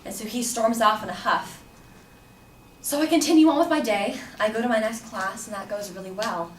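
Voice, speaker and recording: A woman's voice: fairly high pitch, normal speed. Woman telling a story in a roomy space. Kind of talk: personal story told to an audience. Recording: roomy, distant mic with faint background noise.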